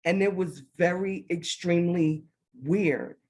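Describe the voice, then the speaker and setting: A woman telling a personal spiritual story as a guest, animated, acting out her own past words. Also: fairly low pitch, a little slow, slightly rough. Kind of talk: casual faith testimony.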